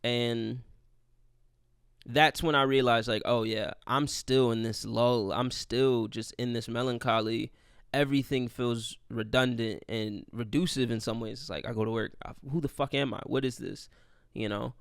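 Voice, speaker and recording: Hosting a casual solo podcast, a young man rambles and swears while making jokes at his own expense. His medium-pitched voice is smooth, with vocal fry, fairly even intonation and a moderate pace, captured in studio quality with no echo.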